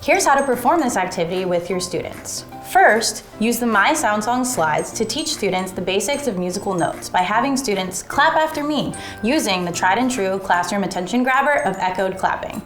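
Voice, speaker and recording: A woman explaining a classroom music activity step by step, in a clear and methodical way. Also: mid-range voice, animated, moderate pace, hardly any pauses, reverberant. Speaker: teacher. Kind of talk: instructional lesson narration.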